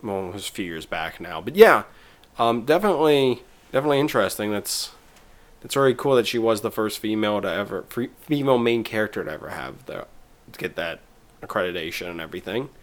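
A man's voice: fairly low pitch, lively intonation, fast. Chatty man recapping an episode. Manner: rambling, with restarts and acted-out quotes. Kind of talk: casual chat, recapping a TV episode.

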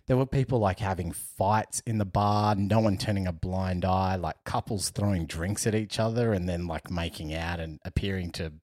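A young man co-hosting a podcast, telling a travel story in an animated way, laughing often and acting out what people said. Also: sits low, normal speed, hardly any pauses, no echo, clean studio sound. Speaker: podcast co-host. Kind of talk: casual storytelling chat.

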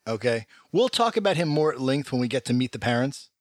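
A man co-hosting a casual movie podcast, animated and quick to laugh as he lists films. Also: mid-range voice, no room sound, studio quality. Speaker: podcast co-host.

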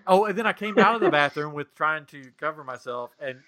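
A man's voice: a little high, a little fast. A man in his thirties hosting a casual podcast, telling stories with lots of laughter. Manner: animated, laughing storyteller. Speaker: podcast host.

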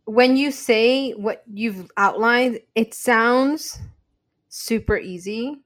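A woman's voice: a little high, slow pace. A woman talking casually and reflectively as a podcast co-host. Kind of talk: casual conversation.

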